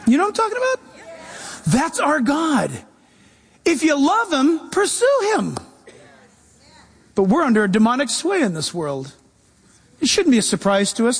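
High-voiced preaching man in a big hall. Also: slightly rough. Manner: emphatic preaching, voice swooping up into shouts. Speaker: pastor. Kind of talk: sermon. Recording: long reverb of a large hall.

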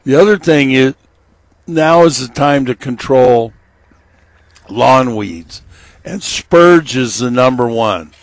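A middle-aged man hosting a radio gardening show, giving slow, folksy, instructive advice. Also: mid-range voice, lively intonation, no room sound.

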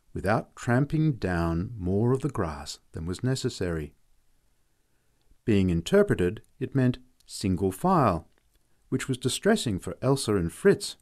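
A male narrator reading classic fiction with a wry, expressive delivery. His voice is on the low side and moves lively up and down. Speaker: audiobook narrator.

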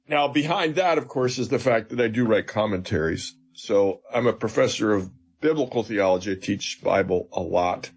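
A man's voice: lowish voice, breathy edge. A man, a seminary professor, explaining scripture in an interview and retelling stories with emphatic quoted dialogue.

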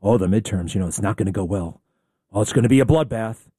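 A man's voice: fairly low pitch, quick pace, warm tone, husky, no room sound, studio quality, voice pushed down. A man putting on the voice of a moaning, defeatist male voter. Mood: whiny.

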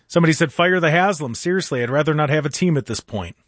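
A man's voice: on the high side, quick pace, a bit bright, no echo, clean studio sound. A young man ranting heatedly about his home team, exasperated and mocking, in sports commentary.

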